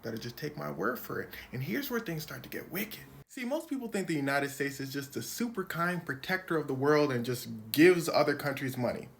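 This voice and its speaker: A man gives an animated comedy recap of political news in casual slang. His pitch swings widely, and his voice has a gravelly, creaky texture. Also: fairly quick, hardly any pauses. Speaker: comedy commentary creator.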